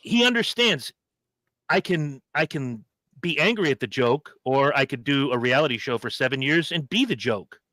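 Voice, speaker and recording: Male podcast co-host in his fifties, animated storyteller, bright tone, dry close sound. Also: mid-range voice, normal speed, no room sound. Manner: animated storyteller, acts out quotes. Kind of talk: casual chat.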